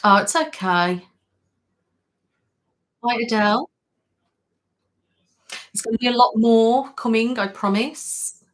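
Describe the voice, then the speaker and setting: Speaking slowly with frequent pauses, a woman with a fairly high voice runs her ASMR channel's live stream, casually reading comments and thanking viewers by name. Despite a studio microphone, the recording sounds rough.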